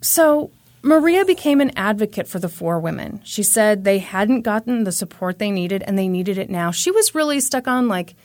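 A woman's voice: mid-range voice, sing-song, moderate pace, a little mellow, dry recording, clean studio sound. A woman hosting a podcast, telling a true crime story in a conversational way with wry asides. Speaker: podcast host.

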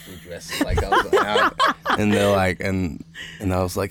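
An Australian man in his thirties, a musician guest telling stories in a relaxed, rambling way with lots of fillers. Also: fairly low pitch, a little fast, background noise. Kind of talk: casual podcast chat.

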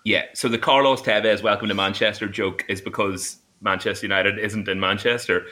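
Bright-voiced, chatty man on a podcast. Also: on the low side, steady tone, a little fast, few pauses. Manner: chatty, laughs easily. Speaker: podcast co-host. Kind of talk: casual podcast chat.

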